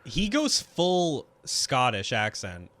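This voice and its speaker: A man's voice: mid-range voice, wildly swooping pitch, slow, a bit bright. A man guesting on a casual film podcast, talking loosely and laughing as he rambles.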